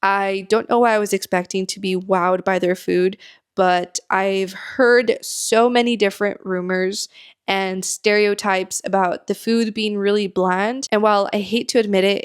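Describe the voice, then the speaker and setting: A young American woman hosting her own podcast, chatting candidly about her travels and dropping in quick asides. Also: mid-range voice, clean tone. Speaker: podcast host. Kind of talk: casual solo storytelling.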